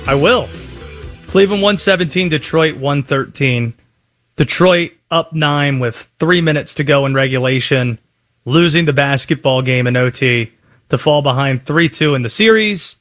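A male sports radio host, quick and wry, needling his co-host with blunt takes. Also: a little high, fairly bright tone, soft background music. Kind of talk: sports talk radio debate.

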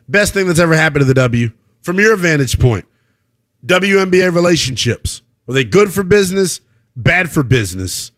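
A man hosts a late-night sports call-in radio show. His voice sits high and swings widely in pitch, and he talks in lively, excitable bursts. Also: a little fast, no echo, studio quality. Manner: animated, bursts into loud laughter.

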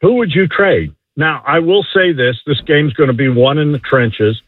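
Man on phone call, tinny lo-fi line, husky voice, rambling talk, dry sound. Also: a little high, moderate pace, no echo. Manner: rambling, stumbling restarts, jokey boasting. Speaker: guest on sports radio. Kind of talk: casual sports talk.

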